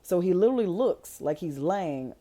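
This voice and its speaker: Lady podcaster rambling thru a movie recap, low voice that jumps all over, lots of "like". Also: moderate pace. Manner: animated, filler-heavy, slangy storytelling. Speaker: podcast host.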